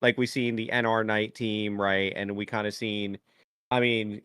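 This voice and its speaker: A man's voice: fairly low pitch, flat delivery, measured pace, fairly bright tone, smooth, no echo, clean studio sound. A man hosting a podcast, chatting in an easygoing, encouraging way and asking his guest questions. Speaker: podcast host. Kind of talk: casual interview chat.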